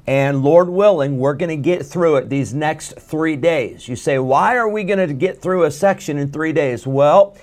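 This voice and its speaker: A man's voice: fairly high pitch, measured pace, hardly any pauses, darkish tone. A man teaching a Bible lesson in a folksy, conversational way, with many fillers. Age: adult.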